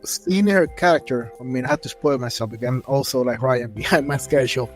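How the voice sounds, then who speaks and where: A man hosting a podcast interview who speaks haltingly and fills his sentences with fillers. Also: mid-range voice, faint music behind. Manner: halting, hesitant, frequent fillers. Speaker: podcast host. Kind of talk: casual podcast chat.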